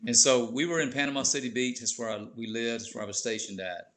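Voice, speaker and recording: A man's voice: medium pitch, quick pace, fairly bright tone. Earnest man sharing a heartfelt testimony. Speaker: podcast guest, bishop. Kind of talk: emotional testimony in casual chat.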